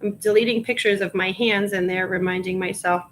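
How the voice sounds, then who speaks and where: A woman's voice: medium pitch, fairly even intonation, brisk, a bit bright, slight background noise, rough recording. A woman with a Long Island accent chatting casually on a livestream, reading bits of her work aloud to herself as she goes. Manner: muttering and reading aloud to herself while typing. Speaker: reseller listing items live. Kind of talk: casual livestream chat while working.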